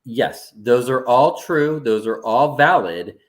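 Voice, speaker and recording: Lively, emphatic man in discussion. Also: mid-range voice, slow pace. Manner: emphatic, repeats points for stress. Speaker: panel speaker on mental health. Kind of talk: casual discussion.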